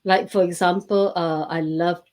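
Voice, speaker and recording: A woman hosting a casual talk show, speaking slowly and hesitantly with many pauses and fillers. Her voice sits on the low side for a woman. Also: steady tone, darkish tone. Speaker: host. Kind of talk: casual interview chat.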